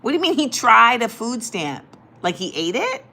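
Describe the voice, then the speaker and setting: A woman's voice: fairly high pitch, very animated, moderate pace, bright, forceful tone. A woman hosting a casual livestream, chatting playfully with viewers, reading their comments and laughing as she goes. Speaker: livestream host.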